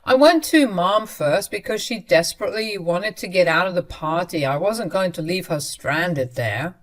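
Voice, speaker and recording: An impatient husband who brushes everyone off, read by a woman narrator. The lines come out higher and louder than the narration around them, in a plain storybook reading. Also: lively intonation, moderate pace, lightly acted. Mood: dismissive. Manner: dismissive, impatient. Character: dismissive husband, adult man.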